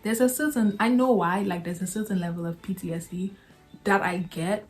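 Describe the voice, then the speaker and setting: A woman's voice: mid-range voice, brisk, faint music behind. A young woman vlogger telling a casual storytime to her viewers, chatty and laughing often, calling them y'all.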